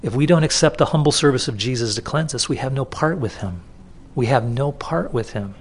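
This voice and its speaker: A man's voice: mid-range voice, brisk, breathy edge. Conversational man preaching a sermon. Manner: conversational, repeats words for emphasis. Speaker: pastor. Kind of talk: expository sermon.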